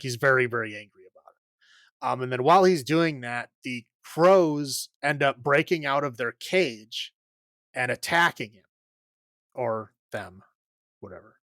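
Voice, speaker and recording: A man's voice: mid-range voice, a bit bright, no room sound, clean studio sound. A man hosting a podcast, recapping a film in a casual, rambling way full of fillers and frequent laughs. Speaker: podcast host.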